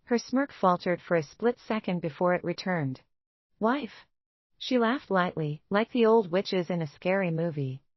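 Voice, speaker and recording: A woman narrating a dramatic first-person story in a steady, scripted storytelling manner. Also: lowish voice, moderate pace, few pauses, no room sound. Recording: dull, dry lo-fi recording.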